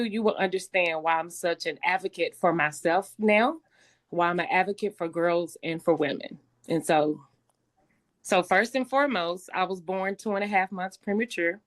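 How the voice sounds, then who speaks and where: Telling her life story as a guest speaker, this middle-aged woman speaks with a fairly low, slightly raspy voice. Her personal testimony is delivered conversationally, with lots of fillers and false starts.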